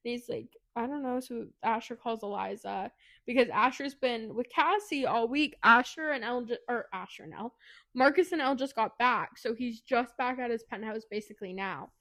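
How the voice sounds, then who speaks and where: A woman co-hosting a podcast, retelling a book plot fast and animatedly, with swearing. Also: on the high side, fairly bright tone. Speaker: podcast co-host. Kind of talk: casual book recap.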